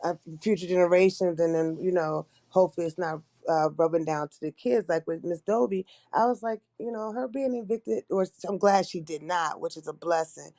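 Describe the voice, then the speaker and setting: A woman's voice: on the low side, a little fast, few pauses, mellow, dry recording. A woman hosting a casual livestream chat, talking in a loose, rambling way with many restarts. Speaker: livestream host.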